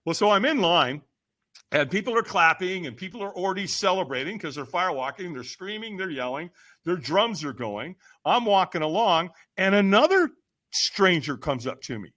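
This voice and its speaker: A man recounting a personal story as a podcast guest, his slightly high voice swooping widely. The tone is bright and forceful, and he punches his points home, jumping into sudden shouted quotes. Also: normal speed. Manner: lively, emphatic, acts out quotes with sudden shouts. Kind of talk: animated storytelling in conversation.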